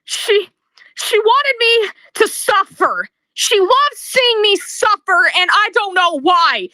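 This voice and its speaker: Very high-voiced stammering woman ranting. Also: animated, slow pace, bright, forceful tone, dry recording. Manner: stammering, repeating words; accusing and bitter. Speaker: video creator. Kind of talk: emotional rant vlog.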